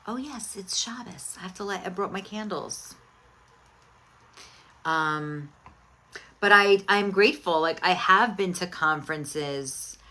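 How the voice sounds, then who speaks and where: Bright, chatty woman host. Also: medium pitch. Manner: chatty, expressive, candid. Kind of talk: casual chat.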